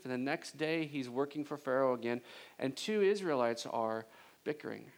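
A man preaching a sermon in a casual, animated storytelling way. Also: mid-range voice, moderate pace.

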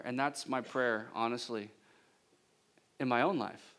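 A male pastor delivering a conversational sermon, self-deprecating and joking at times, his voice rising higher and louder when he gets animated. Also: measured pace, long pauses.

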